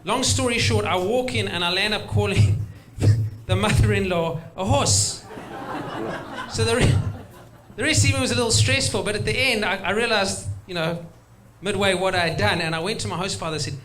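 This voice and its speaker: A man's voice: high voice, moderate pace, a bit bright, a little hiss or hum. A man doing a chatty stand-up set, often laughing at his own jokes. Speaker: stand-up comedian. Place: stage at a live comedy show.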